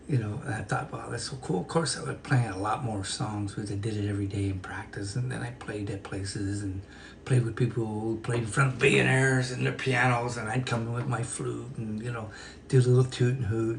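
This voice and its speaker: A man's voice: lowish voice, steady tone, normal speed, creaky. A man, a flute player and actor, casually telling a story to the camera in a rambling way, with many fillers and restarts. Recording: distant mic with noisy ambience.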